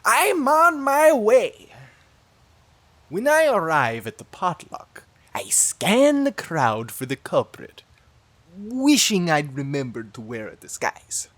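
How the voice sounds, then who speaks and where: Animated, husky woman reading a storybook. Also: low voice, a little slow. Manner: animated and playful. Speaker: storybook reader. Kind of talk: expressive read-aloud narration.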